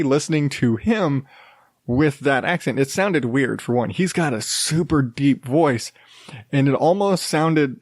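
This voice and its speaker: A man's voice: mid-range voice, darkish tone, no room sound, clean studio sound. A man hosting his own podcast, talking alone in a loose, rambling way, full of fillers and restarts. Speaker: podcast host. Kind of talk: casual solo podcast rambling.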